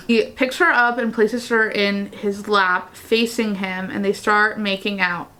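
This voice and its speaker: Slow-talking bright-voiced woman vlogger. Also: mid-range voice, fairly even intonation. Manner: chatty, giggly, self-interrupting asides. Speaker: vlogger reading fan fiction aloud. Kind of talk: casual reading vlog with commentary.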